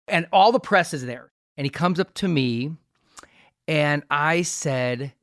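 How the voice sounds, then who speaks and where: A man's voice: a little high, animated, normal speed, a bit bright, no room sound, clean studio sound. Chatty middle-aged male podcast host. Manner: chatty, rambling anecdotes. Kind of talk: casual chat.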